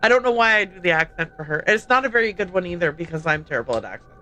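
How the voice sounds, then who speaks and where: A woman streaming a game, chatting in an excitable, jokey, self-deprecating way with quick tangents. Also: fairly low pitch, rough recording. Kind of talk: livestream gameplay commentary.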